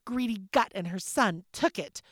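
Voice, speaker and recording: A woman's voice: medium pitch, animated, normal speed, a bit bright, dry recording, clean studio sound, pitched above the performer's own voice. A woman doing a dramatic accusing woman. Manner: accusatory, theatrical. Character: accusing, dramatic grown woman with fake eyelashes. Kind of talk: audiobook character voice.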